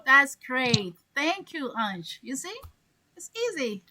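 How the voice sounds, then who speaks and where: A woman's voice: high-pitched, sing-song, slow pace, bright, forceful tone, a little hiss or hum. A woman coaching an online English class, stretching key words and acting out examples. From French-speaking Africa. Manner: stresses words by drawing them out, acts out examples.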